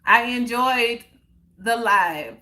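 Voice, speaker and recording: A woman's voice: on the high side, expressive, drawn-out words, bright, forceful tone. A woman hosting a live stream in casual chat, answering viewers and repeating her points for emphasis. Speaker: livestream host.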